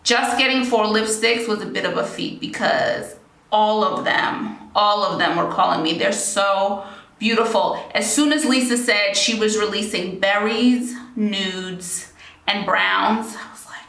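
A young adult woman, a beauty vlogger and small business owner, chatting upbeat and excitable to her camera at home. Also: mid-range voice, measured pace, creaky, echoey room, poor audio. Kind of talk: casual chat to camera.

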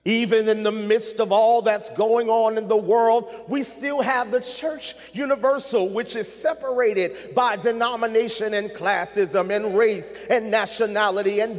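A male pastor delivers a sermon in a church sanctuary, his voice sitting high for a man. He builds to rising, urgent stretches and then sinks to quiet, low asides, inviting the congregation to repeat after him. A long hall reverb trails every phrase. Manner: call-and-response preaching, rising and falling in intensity.

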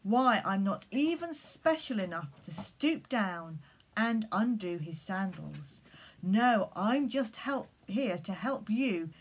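A fiery prophet calling out urgent, insistent warnings, as a woman puts him on while reading a children's story. The delivery is slow and deliberate, with a husky, breathy edge. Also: medium pitch, lively intonation, full character voice.

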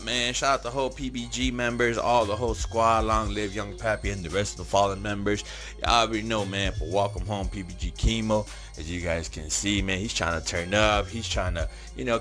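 Low-voiced man hosting with hype. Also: a bit bright. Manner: hyped, keeps tagging lines with "man". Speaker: channel host. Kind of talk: casual video commentary.

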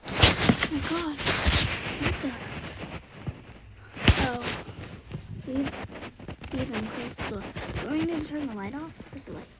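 A woman's voice: high voice, unhurried, pauses often, very noisy. A woman playing a video game, casually talking and half-whispering the tasks she reads aloud. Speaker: gaming youtuber. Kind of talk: casual let's-play commentary.

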